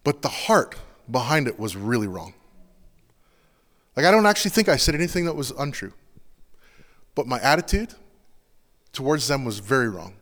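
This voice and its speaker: A man's voice: medium pitch, big pitch swings, moderate pace, pauses often, a bit bright. Earnest man preaching in a reverberant hall. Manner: earnest, confessional, conversational with many "like"s. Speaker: pastor. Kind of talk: sermon.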